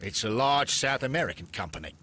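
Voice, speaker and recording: A man's voice: mid-range voice, animated, a little fast, bright, forceful tone, slight background noise. An actor with an Australian accent playing a brusque, haughty businessman and engineer in a video game. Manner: curt, impatient and haughty.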